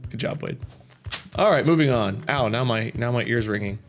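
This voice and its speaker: A man reading viewer comments aloud in casual chat, goofy and prone to loud silly outbursts, with a slightly sore throat. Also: mid-range voice, normal speed, faint music behind.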